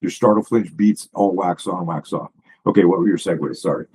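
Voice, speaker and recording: A man's voice: sits low, fairly quick, a little mellow, breathy edge, low-quality recording. A man, a self-defense coach, talking as a guest in a casual podcast conversation, emphatic and profane, piling up stories and restarting sentences.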